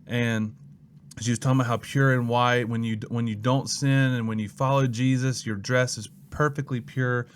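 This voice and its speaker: A young Mississippi man, a student pastor, tells his story in a casual interview, acting out the people he quotes like a lively storyteller. His voice is mid-range at a moderate pace, with slight background noise.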